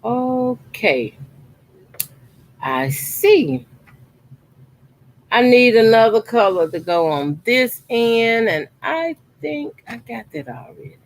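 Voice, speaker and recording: A woman's voice: a little high, very animated, slow, pauses often, a little hiss or hum. A woman, chatting casually to her viewers while she cuts fabric scraps for a quilt, emphatic and repetitive. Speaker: sewing channel host. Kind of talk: casual chat while sewing. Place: her sewing corner at home.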